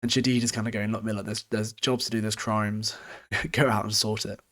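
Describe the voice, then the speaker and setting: A man's voice: lowish voice, level tone, a little fast, fairly bright tone. A young British man casually recapping a book chapter for a podcast, rambling and swearing freely with frequent chuckles. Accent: British English.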